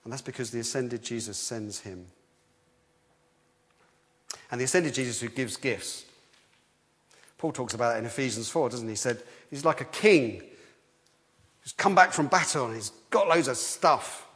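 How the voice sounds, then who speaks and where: A man's voice: mid-range voice, normal speed, pauses often. Man preaching in a reverberant hall. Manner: lively, conversational preaching with frequent restarts. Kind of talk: sermon.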